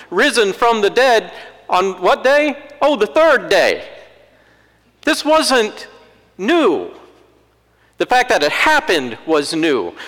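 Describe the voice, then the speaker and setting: A man's voice: high-pitched, a bit bright, long reverb tail, rough recording. A man preaching a conversational sermon in a church, with wry asides and acted-out quotes.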